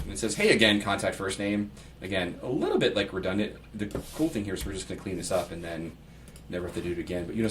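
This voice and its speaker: Low-voiced man walking through a tutorial. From Pittsburgh, United States. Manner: relaxed, thinks aloud, reads template text aloud with asides. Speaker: real estate agent giving a software tutorial. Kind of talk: casual screen-share walkthrough. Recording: slightly distant mic with faint background noise.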